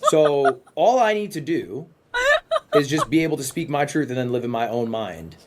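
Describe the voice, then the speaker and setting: A man's voice: medium pitch, lively intonation, moderate pace, noisy background. A young man streamer in a played clip, talking earnestly and reflectively about himself and his critics. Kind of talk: casual talk.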